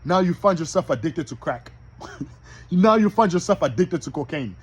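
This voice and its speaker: Man preaching to the brothers, raspy, pitch all over the place, fairly high. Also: expressive, moderate pace. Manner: emphatic and repetitive, addresses listeners directly. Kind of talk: preaching to an audience.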